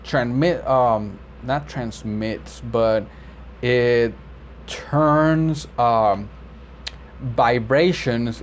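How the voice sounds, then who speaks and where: A man who works as a medical interpreter, explaining vocabulary in a relaxed, rambling way with many fillers and self-corrections. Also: medium pitch. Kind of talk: casual explainer video. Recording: slightly dull lo-fi audio with faint background noise.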